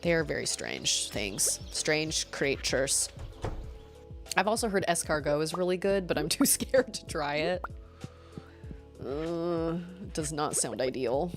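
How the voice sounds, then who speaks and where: A woman's voice: low-pitched, expressive, slow pace, soft background music. A young adult woman streamer chatting casually while playing a game, thinking aloud and laughing easily. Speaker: gaming streamer. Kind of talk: casual chat while gaming.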